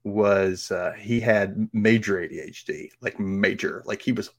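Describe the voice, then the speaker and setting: Speaking at a measured pace with fairly even intonation, a low-voiced man chats casually as a podcast guest. He's from Mississippi, with a light Southern accent and theater-trained diction, and his rambling stories are full of fillers.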